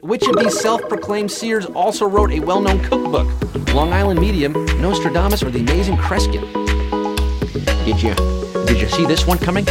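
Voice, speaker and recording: A man's voice: high voice, a bit bright. A man hosting a live trivia game, reading questions and cracking puns and jokes between answers. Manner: punning, joking, reads questions briskly. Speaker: quiz show host. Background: music.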